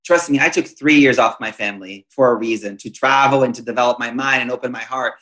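A man's voice: mid-range voice, fast talker, bright, forceful tone. A man, a spiritual teacher, talking as a podcast guest in an earnest, emphatic, teacherly way. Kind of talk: podcast conversation.

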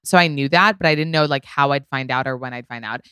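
A woman's voice: a bass voice, quick pace, a bit bright, smooth, dry recording, clean studio sound. A woman hosting her own podcast, telling a story in casual chat, full of "like" and "you know", with the odd swear word. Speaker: podcast host.

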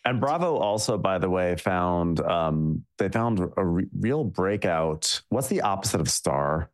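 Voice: sits low, a little slow. A podcast co-host chatting casually about reality TV, rambling and hunting for words. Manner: rambling, hunts for words, animated.

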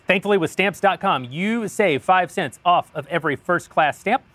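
A man's voice: high voice, moderate pace, a bit bright, no echo. A man hosting a joking political roundtable, wry and self-mocking, laughing often as he reads a sponsor ad. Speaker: show host. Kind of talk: joking roundtable chat with ad read.

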